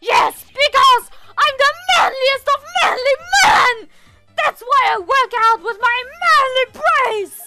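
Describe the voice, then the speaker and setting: A woman voicing a loud, hyperactive young male art student who shouts every line. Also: extremely high pitch, takes it slowly, over loud music, pitched above the performer's own voice, heavily acted. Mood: shouty.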